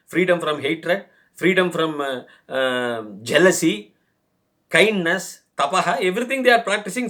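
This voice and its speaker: A man's voice: high-pitched, sharp tone. A man teaching from Vedic texts, reciting Sanskrit verses and explaining them word by word. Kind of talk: explanatory lecture.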